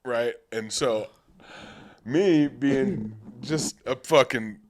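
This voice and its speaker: A young man hosting a podcast, telling casual stories in an animated way and laughing as he goes. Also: mid-range voice, drawn-out words, slight background noise. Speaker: podcast host. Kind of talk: casual storytelling chat.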